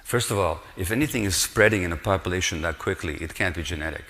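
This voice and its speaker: A man's voice: low-pitched, fast talker, a bit bright. A man in his sixties giving a public lecture, earnest and emphatic, with rhetorical questions to his audience. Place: lecture hall. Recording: long reverb of a lecture hall.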